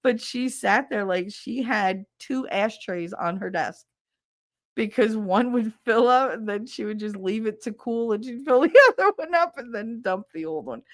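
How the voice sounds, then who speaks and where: A middle-aged woman hosting a livestream, telling a profane, animated story and laughing often. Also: on the high side, normal speed, no echo, studio quality. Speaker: livestream host. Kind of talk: casual storytelling.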